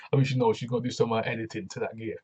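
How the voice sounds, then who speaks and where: A man's voice: mid-range voice, flat delivery, rapid-fire, darkish tone, breathy edge. A man casually reviewing a wrestling show, laid-back and slangy, with lots of fillers.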